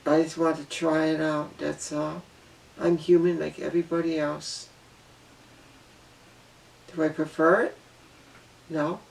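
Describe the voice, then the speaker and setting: A vlogger with a gravelly, fairly high-pitched voice talks through an earnest, emotional personal monologue, returning to points and repeating words. Because he sits slightly back from the mic, he sounds distant. His pitch barely moves, his pace is measured, and he pauses often.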